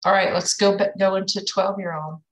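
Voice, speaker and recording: Gravelly woman guiding a healing session. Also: medium pitch, steady tone, brisk, lo-fi sound. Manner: gentle, guiding prompts.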